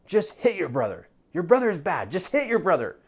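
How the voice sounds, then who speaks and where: Man doing a little devil voice, coaxing and nagging, kinda lively. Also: high-pitched, normal speed, breathy edge, voice pushed up, heavily acted. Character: small tempting male devil, pushy.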